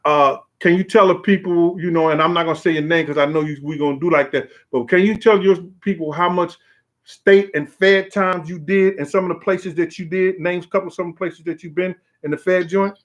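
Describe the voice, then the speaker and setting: A man's voice: sits high, fairly even intonation, a little fast, highs cut off. A man hosting a casual live-stream, greeting viewers by name in street slang, emphatic and repetitive. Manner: emphatic, repeats himself. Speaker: show host.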